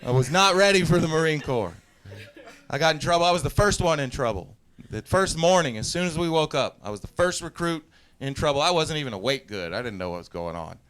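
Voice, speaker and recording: A man in his forties from Southeast Texas does live stand-up, telling relaxed stories, chuckling at his own material and launching into loud yelled impressions. His voice runs on the high side with lively intonation, brisk delivery, and a clear, resonant tone.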